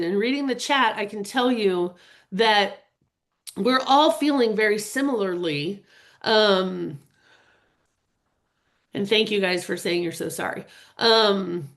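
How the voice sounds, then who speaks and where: A middle-aged woman coaching real estate agents in a live webinar, earnest and openly emotional as she talks to viewers. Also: mid-range voice.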